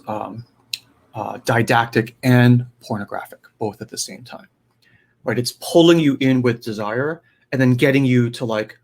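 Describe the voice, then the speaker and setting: A man giving a live online teaching talk on a video call, in a conversational way, often checking in with "right?" and "you know". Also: medium pitch. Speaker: spiritual teacher and advisor.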